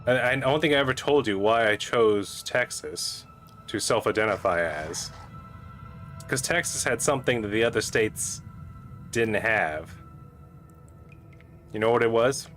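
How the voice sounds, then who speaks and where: A man's voice: mid-range voice, expressive, unhurried, pauses often, a bit bright. A man casually rambling and joking while playing a game, as the host of his channel. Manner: rambling, joking, with frequent restarts. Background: game music.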